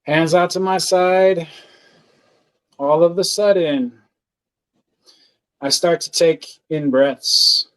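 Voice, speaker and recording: A man speaking slowly and earnestly, his voice sitting a little high for a man. He tells a personal story as a podcast guest, halting often, restarting his sentences and filling gaps with words like "like". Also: fairly bright tone, clean tone, low-quality recording. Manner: slow, halting, earnest, with many fillers and restarts.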